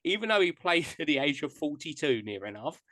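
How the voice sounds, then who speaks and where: A man's voice: a little high, sing-song, fairly quick, bright, forceful tone, dry recording. A man hosting a casual podcast chat, an enthusiastic and self-deprecating fan of the players he discusses. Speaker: podcast host. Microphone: podcast mic on live stream.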